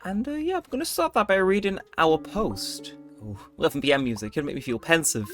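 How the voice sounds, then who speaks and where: Chatty man, lively pitch. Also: brisk. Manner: rambling, chatty, laid-back late-night talk. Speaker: gameplay video host. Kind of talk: casual let's-play commentary. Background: faint game music.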